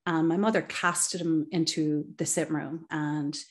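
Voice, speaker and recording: A woman's voice: deep voice, steady tone, a little slow. A woman, a psychotherapist guest on a podcast, telling her personal story in an earnest, reflective way with many "you know"s. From Ireland.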